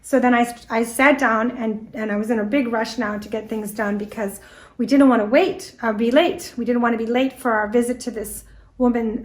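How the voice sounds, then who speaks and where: Lively American woman telling a story. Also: fairly high pitch. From United States. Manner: lively anecdotal storytelling, with quoted dialogue. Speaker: guest speaker on antique doll history. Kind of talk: storytelling presentation.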